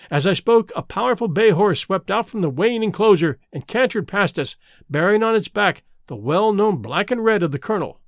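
A man reading a detective story aloud as narrator, measured and expressive. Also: high voice, no echo, clean studio sound. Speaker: audiobook narrator.

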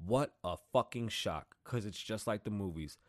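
A man in his thirties hosting a casual monologue, telling stories in a profane, animated and rambling way. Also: on the low side, moderate pace. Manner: rambling, digressive. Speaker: podcast host.

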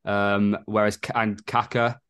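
A man as a podcast guest, calmly explaining his football picks in a casual chat. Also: on the low side, a little slow, clean tone. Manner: relaxed, thoughtful, explaining at length.

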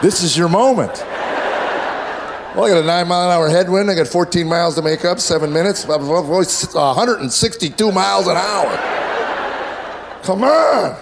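A man in his fifties tells stand-up stories in a high, deadpan voice, landing punchlines to a laughing crowd. The live recording carries clear background noise. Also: brisk. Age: 50s. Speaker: stand-up comedian. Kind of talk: stand-up comedy routine. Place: stage before a laughing audience.

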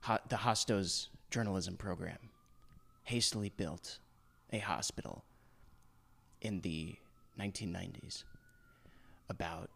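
An improv comedian playing a secretive undercover journalist with a New York accent, talking in a deadpan, halting way with vocal fry. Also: male voice, on the low side, full character voice.

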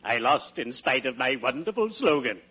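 An actor playing a wisecracking undertaker who trades in morbid puns, with a sly, chuckling delivery in a 1940s radio sitcom. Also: male voice, medium pitch, big pitch swings, normal speed, husky. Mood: wry. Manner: sly, punning, chuckling at own jokes. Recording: dull old radio recording with loud hiss.

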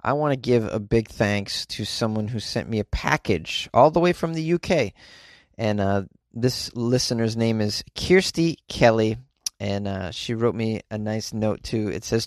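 Casually chatting and joking on his own podcast, this male host speaks at a medium pitch in an unhurried, gravelly voice, full of fillers and restarts. The clean studio recording has no room sound.

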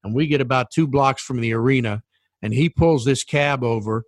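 A man recounting an anecdote in a loose, conversational way, often pausing on ums and uhs. His voice sits at an ordinary middle pitch. The sound is dry and close, with no room around it. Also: dry recording. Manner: rambling anecdote with many fillers. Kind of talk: casual storytelling.

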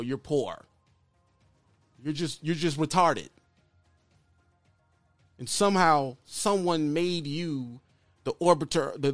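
In a heated call-out rant, a man mocks another trucker who posts on YouTube, hammering the same insults again and again. His voice is fairly high, and there's no room sound.

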